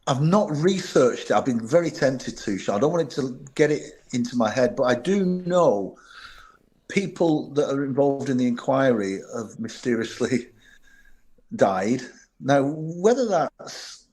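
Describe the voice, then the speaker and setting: Earnest man in his fifties. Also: mid-range voice. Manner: quiet, earnest, thinks aloud. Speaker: former royal bodyguard, podcast guest. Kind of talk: reflective interview storytelling.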